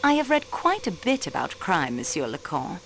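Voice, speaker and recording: A cool young amateur sleuth. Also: female voice, fairly low pitch, sing-song, moderate pace, gravelly, fairly bright tone, a little hiss or hum, exaggerated voice. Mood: probing. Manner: poised, probing and polite, with French phrases. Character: sharp young female sleuth, cool and persistent. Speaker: railway clerk acting as detective. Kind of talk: video game voice acting.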